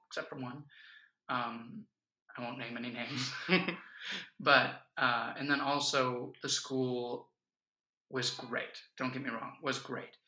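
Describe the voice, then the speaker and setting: Earnest young man with a bright voice. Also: medium pitch. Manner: earnest, reflective storytelling. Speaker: podcast guest. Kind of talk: casual chat. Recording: echoey room.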